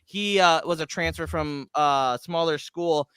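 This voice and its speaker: A man co-hosting a casual sports podcast, excitable and prone to stammering restarts. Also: fairly high pitch, measured pace, smooth, no echo. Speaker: podcast co-host.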